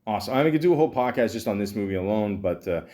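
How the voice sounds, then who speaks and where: A man hosting a podcast, reviewing movies in a rambling, excitable monologue, swearing freely and restarting his sentences often. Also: on the low side, rapid-fire. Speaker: podcast host.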